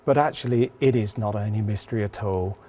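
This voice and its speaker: Man, mellow voice, earnest instructional tone, measured delivery. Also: fairly low pitch, soft background music. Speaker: spiritual instructor in a video clip.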